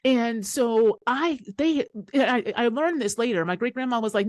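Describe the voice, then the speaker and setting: A woman podcast host telling a story in an animated, emphatic way, swearing freely as she talks. Her voice sits a little high, and the recording is close and dry with no room sound. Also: measured pace, few pauses, dry recording. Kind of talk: casual conversational storytelling.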